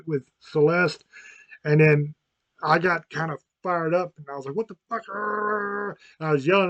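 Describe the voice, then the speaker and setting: A man's voice: a little high, no echo, lo-fi sound. A man in his fifties hosting a podcast, talking in a frank, rambling and profane way, often restarting his sentences. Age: 50s. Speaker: podcast host. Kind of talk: casual chat.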